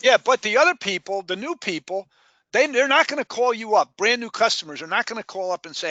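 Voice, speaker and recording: High, bright, emphatic male sales trainer. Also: lively intonation, fairly quick, highs cut off. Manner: emphatic, repeats key phrases, asks questions. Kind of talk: live sales training session.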